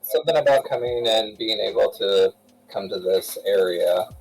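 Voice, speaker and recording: A man's voice: lowish voice, moderate pace, creaky, darkish tone, breathy edge, rough recording. A man playing in a tabletop game, talking casually with a rambling, hesitant manner. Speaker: player. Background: background music.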